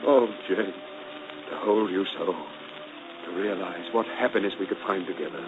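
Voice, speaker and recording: A man playing a brooding, passionate gentleman employer in a 1940s radio drama, ardent and intense, sometimes dropping to a hushed plea. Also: low-pitched, moderate pace, music in the background, natural voice. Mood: tender. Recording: muffled noisy 1940s radio broadcast.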